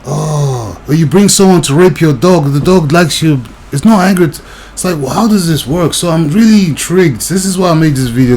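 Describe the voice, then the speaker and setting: A man's voice: mid-range voice, a little mellow, a little hiss or hum, poor audio. A young man, ranting agitatedly and talking straight to the viewer in video commentary.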